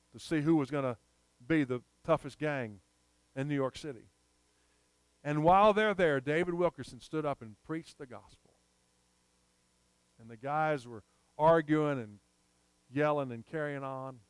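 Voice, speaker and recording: A male preacher delivers a sermon in an emphatic storytelling manner, stretching out repeated phrases. His voice is smooth and slightly high. The sound is dry and close-miked. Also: no room sound.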